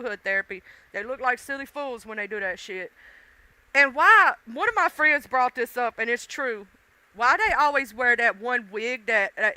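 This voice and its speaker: Middle-aged woman host, casual and profane, talks straight to her chat; very bright, dry sound. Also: sits high, smooth, dry recording. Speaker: livestream host. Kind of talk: casual chat with live viewers.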